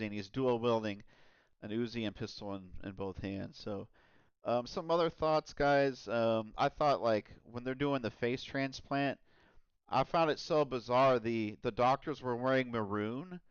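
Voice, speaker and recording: A man's voice: mid-range voice, clean tone, no echo, muffled recording. A man chatting casually on a stream about films he has watched, rambling and enthusiastic with lots of fillers. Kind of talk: casual film review chat.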